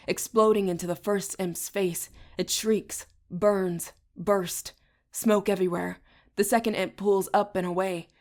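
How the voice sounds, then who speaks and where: A woman narrating an audiobook in the first person with a steady, even reading. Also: fairly low pitch, creaky. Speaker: audiobook reader.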